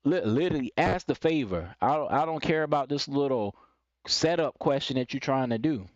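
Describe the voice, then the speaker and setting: On a live stream, a man delivers a monologue of dating and self-improvement advice, speaking at normal speed in a mid-range voice with lively intonation. Blunt and preachy, he hammers the same points and imitates timid phrasing in mocking quoted voices; the audio is dry and muffled.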